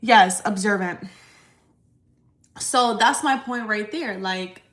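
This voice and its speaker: A woman's voice: mid-range voice, slow, fairly bright tone. Blunt, profane woman venting in an echoey room. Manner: blunt, profane, emphatic ranting. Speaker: livestream host, credit repair business owner. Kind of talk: casual livestream venting. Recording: roomy echo.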